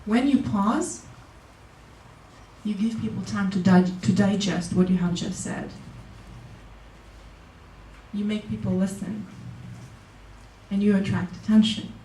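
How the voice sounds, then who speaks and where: Lively woman, echoey hall. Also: mid-range voice, takes it slowly, long pauses, distant mic, slight background noise. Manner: lively, laughs often, acts out quoted people. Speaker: keynote speaker. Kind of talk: motivational public speech. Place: conference hall.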